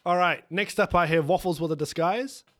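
A man's voice: high voice, moderate pace, fairly bright tone, dry recording. A man hosting an improvised comedy interview, teasing his guests playfully. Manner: playful, teasing, laughs often. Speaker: host interviewing characters.

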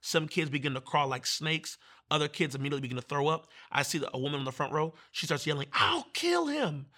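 A man from Virginia, a guest minister, telling his testimony in conversation in an animated way and acting out the voices he quotes. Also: fairly high pitch, fast.

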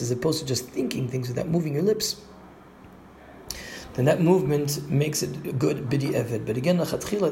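A man's voice: mid-range voice, vocal fry, warm tone, slight background noise. A man, a rabbi, giving a spoken lesson on Jewish law, explaining step by step and glossing Hebrew terms in English.

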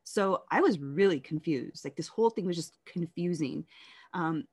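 A woman telling her life story in an interview, candid and reflective, often halting and restarting. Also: lowish voice, animated, darkish tone, husky.

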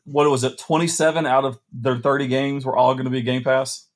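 A man co-hosting a gaming podcast, enthusiastic and quick to react. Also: medium pitch, little pitch movement. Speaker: podcast co-host. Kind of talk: casual gaming podcast chat.

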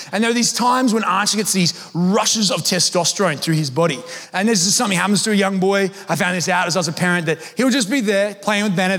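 A man's voice: on the high side, a bit bright. A man, preaching a sermon in a conversational, self-deprecating storytelling way. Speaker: pastor. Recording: long hall reverb.

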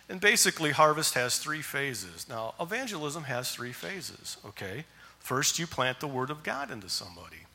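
A man's voice: on the high side, slightly rough. A man preaching a sermon to a youth group, talking straight to the kids and often checking in with them. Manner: animated, swings from loud emphasis to soft asides; addresses listeners directly with tag questions. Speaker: youth pastor.

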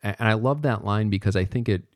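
A man with a low-set voice talks through a podcast lecture in a relaxed, conversational way, recorded close and dry with no room sound. He keeps asking "right?" and restarts sentences as he goes, sounding like a young lecturer chatting rather than reading. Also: quick pace, dry recording. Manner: chatty, asks "right?" often, trails off and restarts.

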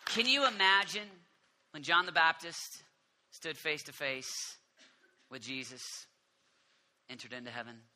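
A male pastor preaching to a congregation, with a high, keen voice and a very bright, forceful edge. He is animated and emphatic, stacking up phrases as the intensity builds. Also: unhurried, long pauses, some chatter behind, a little hiss or hum. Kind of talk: sermon. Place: church hall with a congregation.

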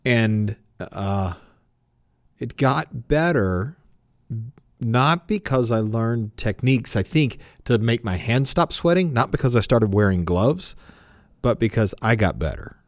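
A man's voice: mid-range voice, animated, slow pace, no room sound, clean studio sound. A man co-hosting a casual chat, reflective and self-deprecating, laughing often. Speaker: podcast co-host.

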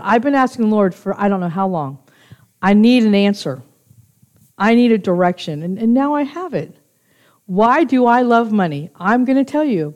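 A woman's voice: a little high, a little mellow. Chatty woman teaching a Bible study. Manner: chatty and confessional, with frequent restarts and self-corrections; laughs easily, jokes with listeners. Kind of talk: informal Bible teaching to a small group.

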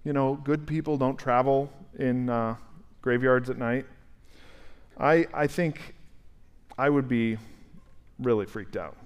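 A male pastor preaching a conversational, animated sermon and asking the congregation questions in a church sanctuary. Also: mid-range voice, takes it slowly, long pauses, smooth.

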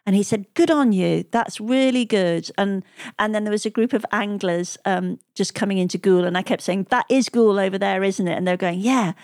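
A woman's voice: medium pitch, fairly even intonation, fairly quick, a little mellow, no echo, clean studio sound. A woman telling stories as an interview guest, chatting freely, laughing often and quoting the people she met. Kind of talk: conversational storytelling.

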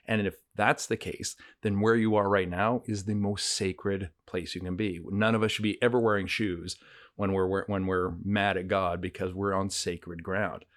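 A man's voice: low-pitched, little pitch movement, moderate pace, dry recording, clean studio sound. A man co-hosting a podcast, talking in an earnest, searching way with fillers and restarts. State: getting emotional. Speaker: podcast co-host. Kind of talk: reflective casual conversation. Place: countryside home.

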